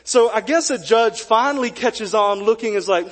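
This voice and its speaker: Young male pastor, high-pitched and animated, joking through a sermon story. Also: normal speed. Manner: animated, jokey storytelling with acted quotes. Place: church sanctuary.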